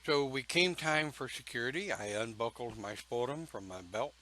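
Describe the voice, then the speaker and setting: A man telling a personal story in a slow, folksy, emphatic way, with pauses between phrases. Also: mid-range voice, animated, bright, forceful tone, rough recording. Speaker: pagan church speaker.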